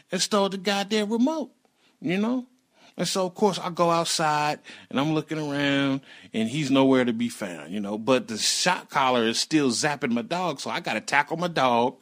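A middle-aged man telling a personal story, profane and emphatic. His pitch sits in the middle, and faint music plays behind him. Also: a bit bright. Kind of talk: casual storytelling.

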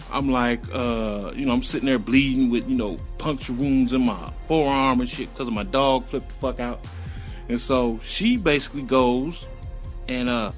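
A middle-aged man telling a personal story in a casual, profane and emphatic way. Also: mid-range voice.

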